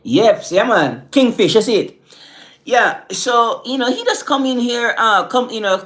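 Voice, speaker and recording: A man's voice: extremely high pitch, sing-song, a little slow, a bit bright. A middle-aged man from the Caribbean islands with an island accent, hosting a casual livestream, laid-back and peppering his talk with "man" and "you know". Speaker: livestream host. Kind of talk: casual livestream chat with viewers.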